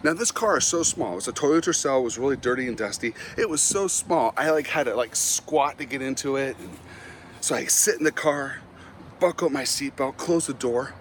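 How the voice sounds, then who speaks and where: A middle-aged man, a Christian motivational speaker, telling humorous stories about himself in an animated, self-mocking way and often laughing at his own tales. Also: medium pitch, fairly quick, a little hiss or hum. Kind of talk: humorous storytelling talk.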